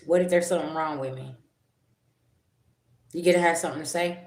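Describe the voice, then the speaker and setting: A woman giving a livestream tarot reading, blunt and confrontational, with slangy talk and sharp comebacks to her viewers. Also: low-pitched, expressive, a little fast, long pauses. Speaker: tarot reader. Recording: echoey room with loud background noise.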